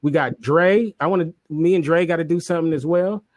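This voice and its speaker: A man's voice: a little high, fairly quick, no room sound. A man hosting a casual livestream chat, laid-back and slangy, laughing often. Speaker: host.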